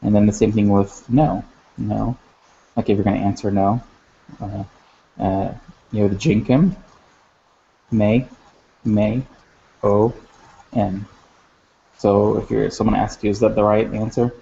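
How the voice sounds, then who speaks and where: A man with a low, gravelly voice explains grammar in a recorded lesson. He talks in a flat, halting way, full of fillers and restarts, and the sound is dull and lo-fi. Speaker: language teacher.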